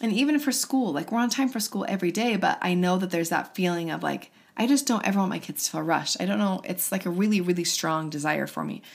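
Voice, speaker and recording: Woman, thirties, casual chat, emotional storytelling, fairly low voice. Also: fast talker, vocal fry, few pauses. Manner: emotional, quoting others in raised voices. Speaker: host sharing a personal story.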